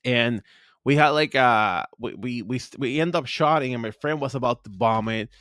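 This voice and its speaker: A man's voice: moderate pace, no echo, clean studio sound. Rambling, crude man telling stories. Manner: rambling, crude, heavy on "like" fillers; animated, pitch rising when excited. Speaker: podcast host. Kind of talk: casual storytelling chat.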